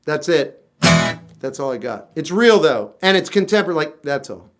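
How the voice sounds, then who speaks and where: A man's voice: on the high side, very animated, normal speed. A man in his fifties, a singer-songwriter chatting casually on a livestream, answering comments in a blunt, wry, offhand way. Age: 50s. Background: guitar playing.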